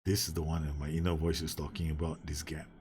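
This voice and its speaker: A man's voice: rumbling low, level tone, fast talker, darkish tone, breathy edge. A man giving casual commentary on a football management game, talking to his players, swearing and laughing as the match swings. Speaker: gaming YouTuber. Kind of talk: casual Let's Play commentary.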